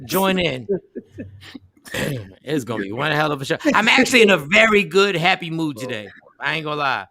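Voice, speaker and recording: A man hosting a morning show, loud, teasing and animated in casual banter. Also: on the high side, normal speed. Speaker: host.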